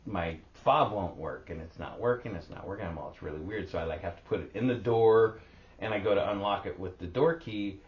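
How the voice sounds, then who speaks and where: A man's voice: on the low side, fairly quick. A middle-aged man co-hosting a podcast, telling a story in casual chat, swearing often and acting out sounds. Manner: animated, swears a lot, acts out sounds. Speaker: podcast co-host. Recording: roomy, dull lo-fi sound.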